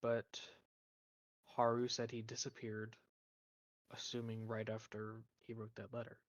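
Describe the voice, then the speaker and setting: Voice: mid-range voice, monotone, a little slow, dry recording, lo-fi sound. A player in a tabletop game, speaking plainly and matter-of-factly.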